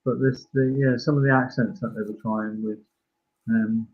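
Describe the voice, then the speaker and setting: A man co-hosting a podcast, chatting casually about an old film, full of halting restarts and fillers. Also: fairly low pitch, steady tone. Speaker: podcast co-host. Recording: tinny phone-like line.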